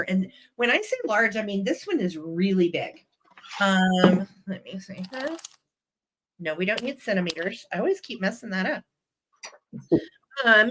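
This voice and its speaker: A woman's voice: medium pitch, a bit bright, poor audio. A woman hosting a live online vintage sale, chatty and effusive as she shows each item and talks to her viewers. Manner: chatty and effusive, talking straight to the chat. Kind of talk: live online sales pitch.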